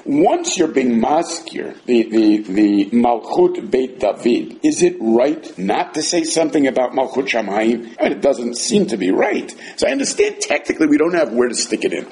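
A man teaching a Talmud class in a casual, animated way, often restarting his sentences. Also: mid-range voice. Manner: animated, acts out dialogue, frequent restarts.

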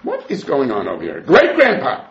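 A man's voice: mid-range voice, wildly swooping pitch, moderate pace, a bit bright. A man teaching a Talmud class, arguing both sides of the question in quoted voices. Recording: echoey room, dull lo-fi sound.

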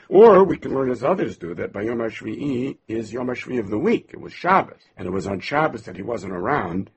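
A man's voice: fairly low pitch, gravelly. A man teaching a Bible class, reading Hebrew verses and then explaining them in English. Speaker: Torah teacher.

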